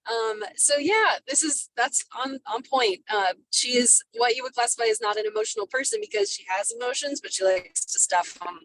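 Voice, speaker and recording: A woman's voice: on the high side, animated, moderate pace, hardly any pauses, slight background noise. A woman taking part in a workshop, speaking gratefully and thoughtfully, with many fillers. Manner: warm, grateful and thoughtful, with many likes and ums. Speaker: workshop participant. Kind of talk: casual conversation on a video call.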